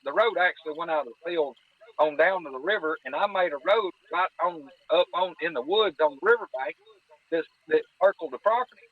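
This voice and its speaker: A man's voice: a little high, a little fast. A man telling a hunting story in a folksy way, often repeating "I said" as he recounts conversations. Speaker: podcast guest telling hunting stories. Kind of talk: casual storytelling. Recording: dry, tinny phone-line sound.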